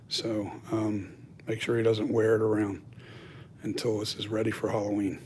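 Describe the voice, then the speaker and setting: A man's voice: on the low side, flat delivery, moderate pace, darkish tone, husky. A man who makes costumes and masks, talking casually in a workshop vlog, thinking aloud and rambling with lots of fillers. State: has the hiccups. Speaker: costume and mask maker.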